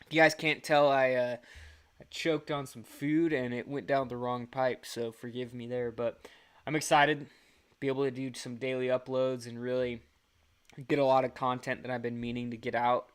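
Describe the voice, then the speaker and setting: A man's voice: mid-range voice, clear, resonant tone. A young man hosting his own channel, chatting casually and rambling on a livestream. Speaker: channel host.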